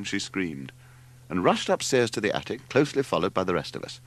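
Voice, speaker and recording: A man narrating an audiobook in an expressive storytelling manner. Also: low-pitched, a little fast. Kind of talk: scripted narration.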